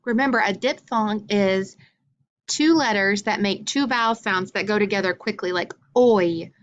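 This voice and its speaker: A woman teaching a recorded phonics lesson for children, drilling letter names slowly and deliberately. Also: mid-range voice, fairly bright tone, muffled recording.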